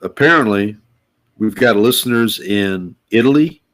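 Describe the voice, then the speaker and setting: A man's voice: on the low side, lively intonation, measured pace, a bit bright. A man co-hosting a casual podcast chat, easygoing and hesitant, with many fillers. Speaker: podcast co-host.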